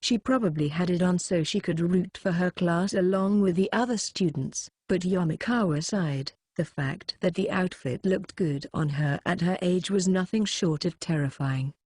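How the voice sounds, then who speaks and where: A woman reading a light novel audiobook aloud in a steady, even narration. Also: fairly low pitch, normal speed, hardly any pauses, slightly rough, no room sound, clean studio sound. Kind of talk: scripted narration.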